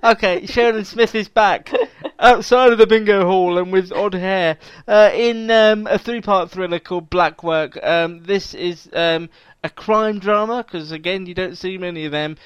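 High-voiced chatty English man. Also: normal speed, few pauses, clean tone, dry recording, lo-fi sound. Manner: chatty, laughs often, trails off mid-sentence. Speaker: podcast host. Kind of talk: casual TV chat.

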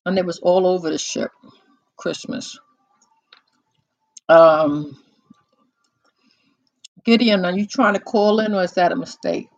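A host of a live call-in talk show chatting casually into a close microphone, unhurried and musing, with many pauses and fillers. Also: mid-range voice, steady tone, dry recording.

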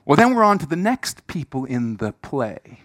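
A middle-aged man preaching a sermon in church, telling a personal story with big swings from shouts to hushed asides, his throat a little squeaky. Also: sing-song, moderate pace, no echo. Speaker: pastor.

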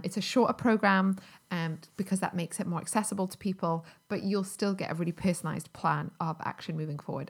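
A woman, hosting a solo podcast as a health coach, talking in a chatty, upbeat way with many fillers. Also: medium pitch. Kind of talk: casual solo podcast talk.

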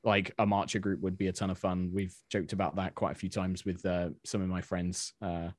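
A man chatting casually as a podcast guest, animated, with many restarts. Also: sits low, a little fast, no echo. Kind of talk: casual chat.

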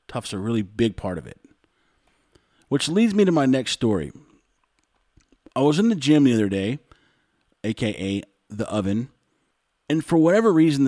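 A man from Texas telling casual stories to camera in a lively way, acting out both sides of the dialogue. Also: mid-range voice, no room sound, studio quality. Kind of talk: casual storytelling.

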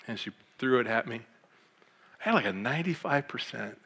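A man's voice: medium pitch, brisk, creaky, husky, long reverb tail. A middle-aged man from Michigan, a pastor, telling his life story with emotion and acting out the voices of the people in it. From Michigan, USA. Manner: animated, emotional, acts out quoted voices. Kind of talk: personal testimony storytelling.

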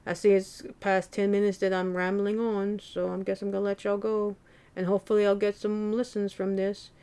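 A woman hosting a solo podcast, talking in a rambling, self-deprecating, soft-spoken way. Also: medium pitch, little pitch movement, moderate pace, clear, resonant tone. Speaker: podcast host. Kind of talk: casual solo podcast monologue.

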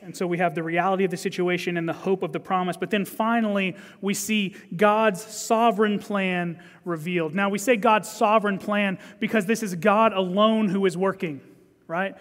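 A man preaching a sermon as pastor, swinging from loud emphasis to hushed scripture reading. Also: sits high, fairly even intonation, normal speed, in a large hall.

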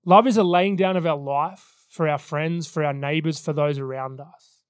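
A man's voice: fairly high pitch, steady tone, normal speed, dry recording, clean studio sound. A man in his thirties preaching a sermon as pastor, telling personal stories in an earnest way. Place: church service.

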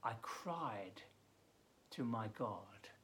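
A man as pastor giving an earnest daily Bible devotional, emphatic and halting with frequent restarts. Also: on the low side, animated, fairly bright tone, slight background noise.

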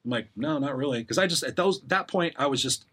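Husky fast-talking middle-aged man. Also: mid-range voice, animated, fairly bright tone. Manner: rambling, acts out quoted voices. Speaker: guest. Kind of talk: casual storytelling interview.

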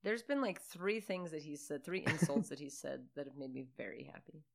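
A woman's voice: low-pitched, brisk, gravelly. A woman co-hosting a podcast, chatting casually and crudely as she comments on a horror movie and laughs often. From Italian family background. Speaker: podcast co-host.

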